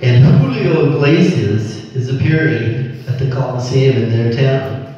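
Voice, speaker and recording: A man telling jokes in a slow, drawling way, reading some from notes at a live show. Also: medium pitch, lively intonation, mellow. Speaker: amateur comedian telling jokes. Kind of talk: stand-up joke telling. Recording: echoey hall, far from mic, dull sound.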